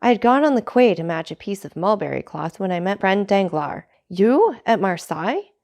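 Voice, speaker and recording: A woman's voice: mid-range voice, very animated, moderate pace, darkish tone. Caderousse, glib envious tailor read by a woman. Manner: glib, ingratiating, fawning. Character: envious male tailor neighbor, falsely friendly. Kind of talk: audiobook character reading.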